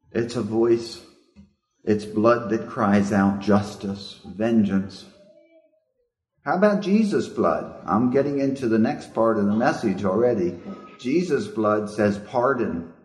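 A man's voice: on the low side, reverberant. A male preacher giving a sermon in a reflective, questioning way. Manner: reflective, asks the listeners questions.

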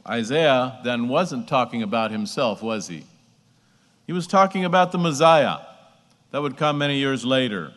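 A man preaching a sermon, slow and emphatic, repeating phrases as he builds. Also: mid-range voice, expressive, fairly bright tone, big-room sound.

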